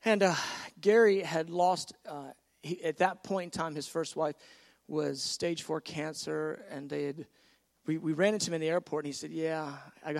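A man preaching a sermon, telling a story in an animated way and acting out the voices of the people in it. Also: a little high, moderate pace, gravelly, in a large hall. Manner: animated, acts out voices in stories.

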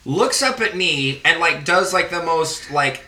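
A man's voice: on the high side, animated, measured pace, pushed and bright, reverberant. A man hosting a casual podcast, telling crude stories with lots of laughter. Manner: laughing, profane anecdote telling. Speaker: podcast host. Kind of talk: casual storytelling among friends.

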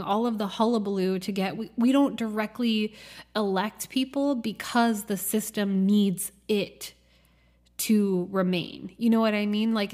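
A woman hosting a podcast, talking through a reflective spiritual monologue in an earnest, musing way, with drawn-out phrasing and frequent fillers. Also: mid-range voice, a little mellow. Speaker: podcast host.

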